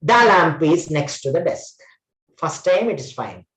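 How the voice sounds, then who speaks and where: A man's voice: a little high, sing-song, unhurried, fairly bright tone. Male English trainer, echoey room. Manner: repeats phrases and corrects himself often. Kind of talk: online class lecture.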